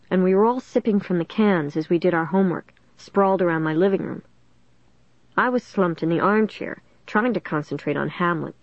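A woman reading a first-person story aloud in a plain, steady storytelling manner. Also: on the low side, dry recording, highs cut off. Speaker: audiobook narrator.

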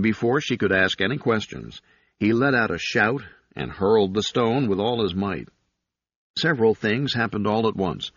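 A man narrating an audiobook in a measured, even reading. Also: lowish voice, slightly rough, no room sound. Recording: dull, dry lo-fi recording.

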